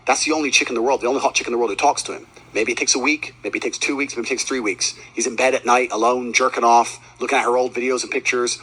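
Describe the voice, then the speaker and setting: A man's voice: medium pitch, bright, forceful tone, slightly rough, low-quality recording. A man telling a profane, boastful story as a podcast guest. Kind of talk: casual podcast chat.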